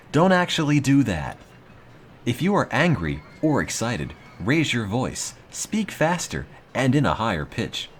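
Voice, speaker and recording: A man streaming casually, reading aloud with a dry, deadpan, self-mocking monotone. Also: deep voice, slight background noise. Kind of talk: casual live-stream chat.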